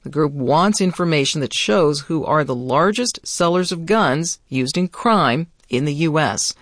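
Guy reading the news, slightly high voice, steady and measured, dry studio mic. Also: no echo. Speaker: newscaster.

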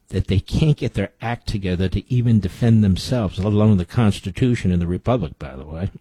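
A man's voice: low voice, moderate pace, mellow, husky, dry recording. A man hosting a political talk show, reading news quotes aloud and breaking in with indignant, sarcastic remarks. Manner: indignant, sarcastic asides between quoted reports. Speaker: radio show host.

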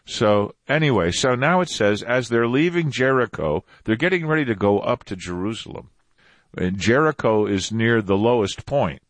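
Man, Bible teacher, lively pitch, repeats himself for emphasis, dry close sound. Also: moderate pace, dry recording. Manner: conversational, repeats phrases for emphasis. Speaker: preacher.

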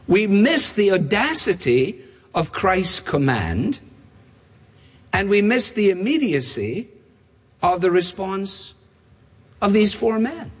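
High-voiced preacher in a reverberant hall. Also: male voice, slightly rough. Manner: emphatic, builds with repeated phrases. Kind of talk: sermon. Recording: long reverb of a large hall.

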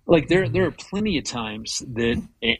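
A middle-aged man telling a story in a casual conversation, animated and full of restarts. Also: mid-range voice, moderate pace, slightly rough, no echo. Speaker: guest.

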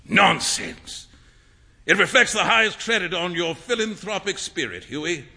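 Guy reading as a breezy amused painter, high bouncy voice, super bright. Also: normal speed, vocal fry, breathy edge, exaggerated voice. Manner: breezy, lively, laughing. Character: amused, worldly young male painter.

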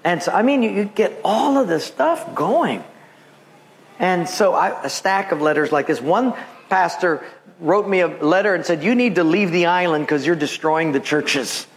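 A male pastor from Hawaii preaching a sermon, telling a story and acting out quotes in an animated voice. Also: sits high, normal speed, long reverb tail. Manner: animated, acts out quotes with raised voice.

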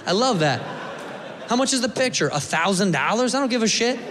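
High-voiced, animated comic. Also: male voice, a little fast, heavy background noise. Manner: loud, profane, animated, talks to the crowd. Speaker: stand-up comedian. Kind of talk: stand-up comedy set. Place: comedy club stage. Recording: echoey club with laughing crowd.

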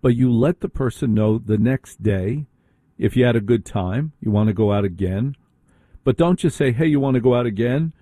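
A man's voice: medium pitch, lively intonation, moderate pace, warm tone, no room sound. A man hosting a call-in radio show, talking bluntly and conversationally on a close studio mic. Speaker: radio talk show host. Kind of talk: opinionated radio talk.

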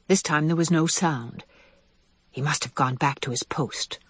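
A reader narrating a children's animal story in an expressive storytelling manner. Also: measured pace, husky, dry recording. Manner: expressive, varied pitch.

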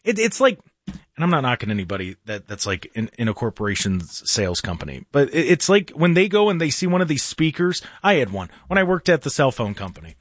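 A man's voice: medium pitch, sing-song, brisk, no room sound, clean studio sound. A male talk radio host ranting in casual chat, with many restarts.

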